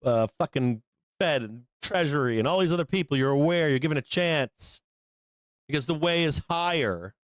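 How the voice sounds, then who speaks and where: A man's voice: fairly high pitch, expressive, moderate pace, no room sound. A man hosting a live stock market show, talking in a blunt, profane, rambling way. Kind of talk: casual market commentary.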